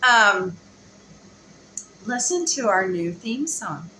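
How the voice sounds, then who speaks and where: A chatty woman hosts a relaxed home vlog, her bright voice bouncing around a roomy space. She talks loosely, filling pauses with ums. A faint hiss sits underneath. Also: medium pitch. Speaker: vlog host and mother. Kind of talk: casual chat. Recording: roomy, light background hiss.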